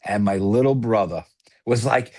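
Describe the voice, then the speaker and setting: A man with a fairly low voice chats casually as a podcast guest. He laughs through his stories and stops and restarts often. The recording is dry and close. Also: normal speed, a little mellow, no room sound. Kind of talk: casual chat.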